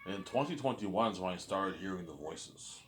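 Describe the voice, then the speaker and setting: A man talking in a casual, rambling monologue, halting and repeating himself often. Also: deep voice, animated, a bit bright, slight background noise. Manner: repetitive, halting, many restarts. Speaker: vlogger.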